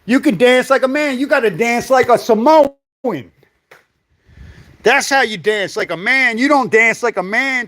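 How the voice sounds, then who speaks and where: A man's voice: extremely high pitch, fairly bright tone, no echo. A middle-aged man hosting a livestream, giving a blunt, profane opinion monologue and telling stories from his childhood. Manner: blunt and profane, storytelling with acted quotes. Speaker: livestream host.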